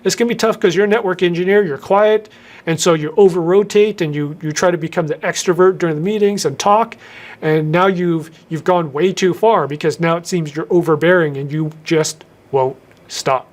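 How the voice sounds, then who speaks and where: A man hosting a career advice video in a casual to-camera talk, who speeds up and then slows down with deliberate pauses and stressed words. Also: fairly high pitch. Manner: shifts tempo, talks fast then slows with pauses and emphasis. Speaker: YouTube host giving career advice.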